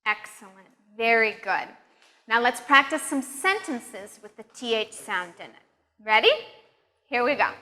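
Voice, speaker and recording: Pronunciation teacher, woman, slow and exaggerated drills, long reverb as if in a hall. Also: a little high, animated, bright, forceful tone. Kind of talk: pronunciation lesson.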